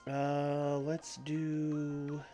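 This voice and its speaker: A man's voice: fairly high pitch, completely flat delivery, drawn-out words, warm tone. A man streaming a game, talking casually and offhand, thinking aloud and swearing now and then. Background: faint background music.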